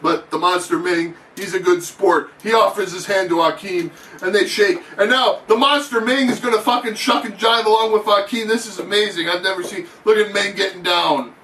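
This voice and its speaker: Man, mock wrestling play-by-play, excitable announcer patter, lots of swearing, roomy echo, faint background hiss. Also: high voice, moderate pace, few pauses, recorded from a distance. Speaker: channel host. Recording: echoey room, off-mic, faint noise.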